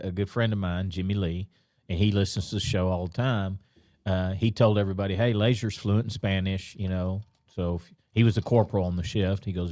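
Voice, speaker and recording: A man's voice: low-pitched, a little mellow, dry recording, studio quality. A middle-aged man, a retired police officer, telling a story in casual, easygoing chat.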